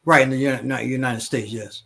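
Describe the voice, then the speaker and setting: A man's voice: mid-range voice, fairly quick, vocal fry. A middle-aged man from Chicago hosting a casual chat, telling stories animatedly with many restarts. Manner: animated storyteller acting out loud voices. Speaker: podcast host.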